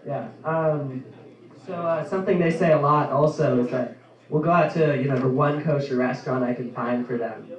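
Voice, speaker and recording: A young adult man performing a stand-up comedy set in a club, in an offhand, halting delivery full of ums. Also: medium pitch, dull audio. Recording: echoey club from a distance.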